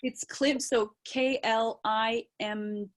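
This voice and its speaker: A woman's voice: a little high, fairly even intonation, slow pace. A woman actor with a Canadian accent, answering interview questions in a casual live video chat, thoughtful and rambling with plenty of fillers and restarts. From East Coast of Canada.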